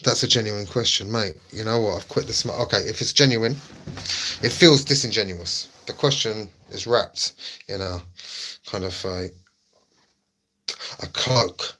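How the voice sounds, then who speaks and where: A man's voice: fairly low pitch, measured pace, long pauses, bright, forceful tone, a little hiss or hum. A young man hosting a livestream, chatting casually and joking as he reads out viewer messages. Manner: laid-back, jokey, reads chat aloud. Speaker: livestream host.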